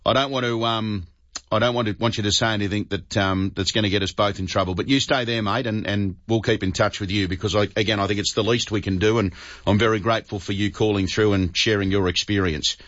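An Australian man hosts talk radio with a lowish, steady voice. He is earnest and tends to stumble over and repeat his words. The sound is dry and a little dull. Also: fast talker, dry recording. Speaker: talkback radio host. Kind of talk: talk radio chat with callers.

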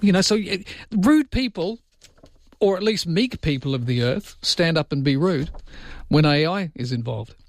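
Chatting over faint background music, this Australian breakfast radio host reads the morning papers' front pages and riffs on listener texts, joking at his own expense. He speaks at a moderate pace in a fairly high, animated voice. The close studio mic picks up no room sound.

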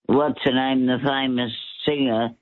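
A man with a West Australian accent chats and rambles on a radio show. His voice comes through a thin, phone-like line. He speaks at an ordinary pitch. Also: little pitch movement, unhurried. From Western Australia. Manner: rambling, chatty. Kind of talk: casual radio chat.

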